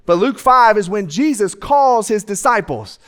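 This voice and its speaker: A man preaching a lively, humorous sermon into a stage microphone in a church, acting out the voices of people in his stories. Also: high voice, unhurried. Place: church sanctuary.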